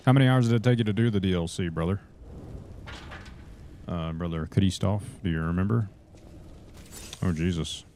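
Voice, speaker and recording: Young Southern man, low voice, loose folksy live-stream game commentary. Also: moderate pace, pauses often, mellow, slight background noise. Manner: folksy, calls viewers brother. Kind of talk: casual live gaming commentary.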